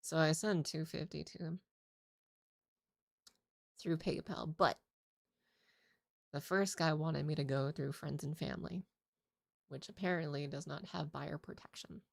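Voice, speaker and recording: Low gravelly woman, rambling and cussing. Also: fairly even intonation, unhurried, long pauses, dry recording, studio quality. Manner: rambling, profane, exasperated retelling. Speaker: content creator. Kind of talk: casual storytime chat.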